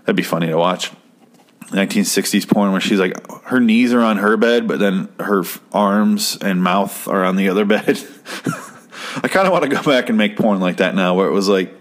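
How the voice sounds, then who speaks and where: A man's voice: on the low side, moderate pace. A man casually recapping a story in a profane, rambling way, often correcting himself. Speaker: comedian recapping a show.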